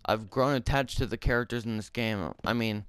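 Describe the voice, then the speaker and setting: A man giving casual gameplay commentary, swearing and shouting in frustration, then talking softly to his in-game pet. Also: medium pitch, moderate pace, a little hiss or hum.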